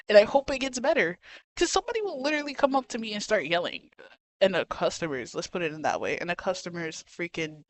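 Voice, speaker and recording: This is a young woman streamer chatting casually through her reactions. Her voice swings widely in pitch as she talks, full of slang and filler. It comes across as loose, unscripted commentary picked up by a desk mic. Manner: animated, slangy, says "bro" and "freaking" a lot.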